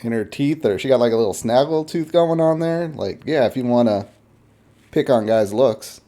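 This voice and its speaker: A man's voice: mid-range voice, lively intonation, moderate pace, warm tone. A man giving casual, rambling reaction commentary in a blunt, chuckling way.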